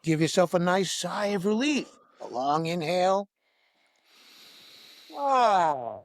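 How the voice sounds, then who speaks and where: A man guiding listeners through a breath-awareness meditation in a slow, soothing, instructive way, asking repeated gentle questions. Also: high-pitched, dry recording. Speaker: breathwork teacher, podcast guest.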